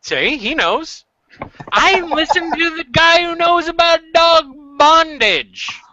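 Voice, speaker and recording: A man's voice: very high-pitched, lively intonation, slow pace, sharp tone, slight background noise. A man hosting a casual podcast chat, joking and laughing often. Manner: joking, laughs often, jumps into silly voices. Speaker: podcast host. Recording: dull lo-fi sound.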